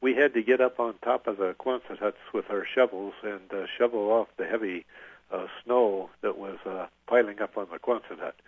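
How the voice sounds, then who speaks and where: An older man, a veteran, recalling his service in an oral history interview, halting with many filler pauses. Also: on the low side, fairly even intonation, slightly rough, dry recording. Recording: tinny phone-like line, dry.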